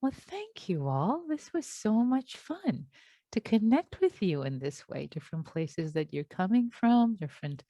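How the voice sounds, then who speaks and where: A woman meditation teacher on a video call, reading out attendees' check-ins and responding with warm, affectionate remarks. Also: mid-range voice, very animated, measured pace, dry recording.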